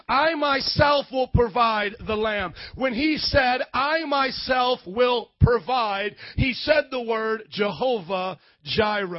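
A man preaching a sermon as pastor, energetic and calling on the congregation to respond. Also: very high voice, dry recording, dull audio.

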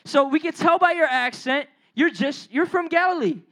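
A high-pitched preacher speaks in an easygoing, slangy way, like someone talking with friends rather than preaching formally. The speaker retells the story with acted-out dialogue and often turns to the listeners with direct questions. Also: moderate pace, a bit bright. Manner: slangy, storytelling, acts out the biblical characters' lines in dialogue; asks the audience questions and addresses them directly. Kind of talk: casual conversational sermon.

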